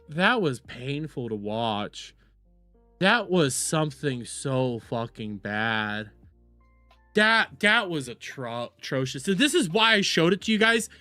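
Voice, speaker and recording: A man streaming casual reaction commentary, animated and swearing, often repeating words and mocking the people in the clips. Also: fairly high pitch, takes it slowly, long pauses, dry recording, soft background music.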